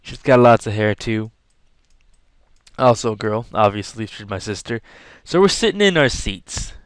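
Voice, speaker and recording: In this vlog, a young man with a somewhat low voice rambles through a story while drawing, animatedly acting out moments and shouting at times. He speaks at a normal pace, and the recording has no echo.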